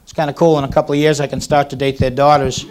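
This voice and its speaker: A man's voice: on the high side, flat delivery, fast, background noise. A man in his thirties from the Boston area, doing a wry, self-mocking stand-up set on a club stage. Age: 30s. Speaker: stand-up comedian. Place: comedy club stage with a laughing audience. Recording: 1980s cable TV taping with crowd laughter.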